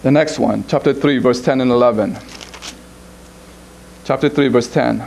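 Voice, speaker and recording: Pastor calling for responses. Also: male voice, normal speed, vocal fry, darkish tone, rough recording. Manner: call-and-response, prompting the congregation to finish lines; rises to high, urgent pleading. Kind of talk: sermon.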